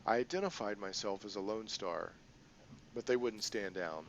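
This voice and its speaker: A man voicing a grim, hard-bitten cop who speaks in clipped, flat lines during a game playthrough. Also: lowish voice, normal speed, highs cut off, slight background noise, lightly acted. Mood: terse.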